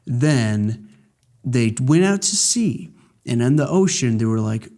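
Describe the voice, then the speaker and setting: A man casually talking over a game, recapping the plot in a loose, jokey ramble full of "uh" and "like". His pitch moves a lot as he talks. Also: expressive, slow pace, dark tone. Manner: rambling, jokey story recap with many fillers. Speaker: let's play gamer. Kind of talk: casual gameplay commentary.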